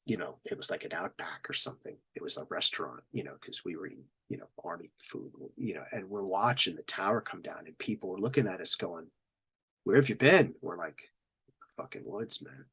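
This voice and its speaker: A man's voice: low voice, expressive, a little fast, fairly bright tone, breathy edge. A middle-aged man, a military veteran, telling stories as a podcast guest, acting out quotes and sound effects and swearing freely. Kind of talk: storytelling in a podcast interview.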